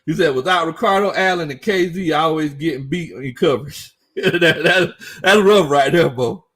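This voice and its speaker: A young man hosts a relaxed sports live stream, reading viewer comments and joking along. His voice sits a little high for a man. He laughs easily and talks in a loose, slangy way. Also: normal speed, husky. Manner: laughs often, reads chat comments aloud, slangy and playful.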